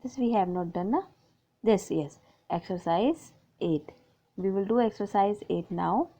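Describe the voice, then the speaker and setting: Patiently explaining grammar exercises from a textbook, a woman teacher with an Indian English accent reads sentences aloud and repeats the answers. Her medium-pitched voice is animated, mellow and a little slow.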